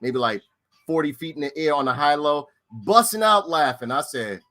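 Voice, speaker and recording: A middle-aged man tells stories in casual, profane chat. His fairly high voice swoops up and down with a lot of life. He repeats lines for effect. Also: normal speed. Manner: animated, profane, repeats himself. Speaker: storyteller.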